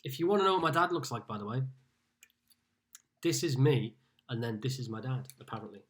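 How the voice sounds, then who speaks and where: His slightly high voice is expressive and moderately paced as this Liverpool quiz host chats through a casual pub quiz livestreamed from home, greeting players by name and announcing their scores.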